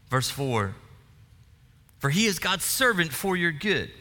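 In a reverberant church hall, a man preaches from the sanctuary in a chatty style full of jokes and asides. He has a fairly high pitch and a bright, forceful tone, speaking slowly but with great animation.

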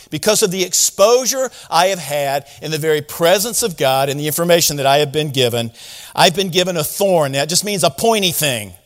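A man's voice: high-pitched, fairly bright tone, long reverb tail. A man preaching a sermon, teaching through a Bible passage in a conversational way and asking his listeners rhetorical questions. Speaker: pastor.

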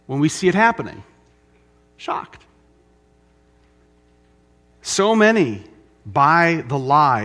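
A middle-aged man preaching a sermon, emphatic, with dramatic pauses and repetition. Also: mid-range voice, a bit bright. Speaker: pastor.

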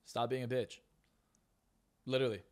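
A man's voice: mid-range voice, fairly even intonation, moderate pace. A man who is a hypnotist and coach, guest on a podcast interview, talking bluntly and profanely with lots of emphasis.

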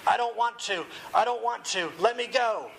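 A man's voice: extremely high pitch, drawn-out words, creaky, bright, forceful tone, slight background noise, pitched above the performer's own voice, full character voice. A man putting on a terrified, begging old wizard. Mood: moaning. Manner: moaning, begging, rising to cries. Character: frightened old male wizard, pleading weakly. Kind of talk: sermon read-aloud of a storybook.

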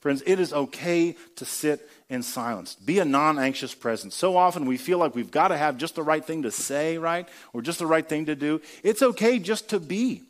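A man's voice: fairly high pitch, moderate pace, few pauses. A man giving a sermon in a conversational preaching style, asking the congregation rhetorical questions. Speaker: pastor.

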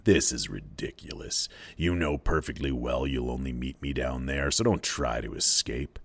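A man's voice: a bass voice, normal speed, slightly rough, no room sound, voice pushed down, exaggerated voice. A man voicing the Lord of the Flies, a rotting pig's head that menaces a boy in a mocking schoolmaster tone. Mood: menacing.

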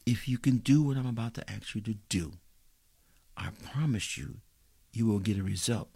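A man's voice: lowish voice, mellow, breathy edge. A man preaching a sermon as a pastor, telling stories and speaking directly to his listeners.

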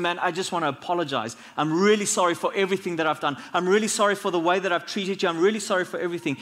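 High-voiced man preaching a story-driven sermon. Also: fairly bright tone. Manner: storytelling preacher, drops his voice low for quotes, many restarts. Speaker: pastor.

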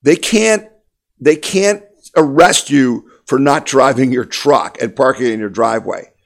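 A man's voice: medium pitch, normal speed, creaky. A man giving an impassioned political monologue as a talk host, emphatic and repetitive, rallying his listeners.

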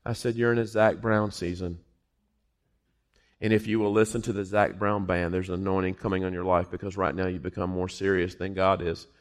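A middle-aged man preaching a sermon, jumping from quiet, low asides to loud, high exclamations, with jokes and personal stories along the way. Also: flat delivery, a little fast. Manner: joking, storytelling delivery.

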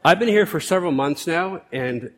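A man's voice: fairly high pitch, animated, a little fast, big-room sound. A man co-preaching at a church service, teasing and laughing as he banters with the other pastor. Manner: playful, teasing, laughs often. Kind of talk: sermon with banter. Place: church auditorium. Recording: live church recording with congregation noise.

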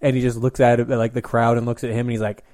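A man co-hosting a casual sports talk show, retelling events in an animated, rambling way full of restarts and laughs. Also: medium pitch, quick pace, dry recording. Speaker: podcast co-host.

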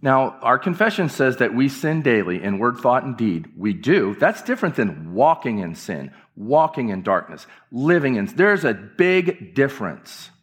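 A man's voice: mid-range voice, big pitch swings, unhurried, few pauses. A male pastor delivering an impassioned, emphatic church sermon with repeated phrases. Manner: impassioned, emphatic preaching with repetitions.

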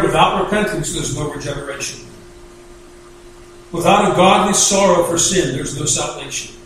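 Man, preacher, emphatic, slow scripture reading, high pitch, echoey hall, faint hiss. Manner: emphatic preaching, reads scripture slowly in King James wording. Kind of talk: sermon. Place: church sanctuary. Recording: echoey church hall, voice from far off.

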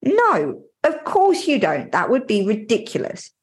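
A woman's voice: fairly high pitch, huge pitch swings, measured pace, breathy edge. A woman hosting a podcast and coaching listeners directly, in an earnest and plain-spoken way. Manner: plain-spoken, slightly informal. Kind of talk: motivational podcast talk.

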